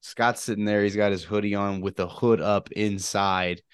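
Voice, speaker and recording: A man with a lowish voice co-hosts a casual sports podcast. He rambles, jokes and laughs often. The sound is dry and close. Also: fairly even intonation, normal speed, smooth, dry recording. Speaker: podcast co-host. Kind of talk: casual chat.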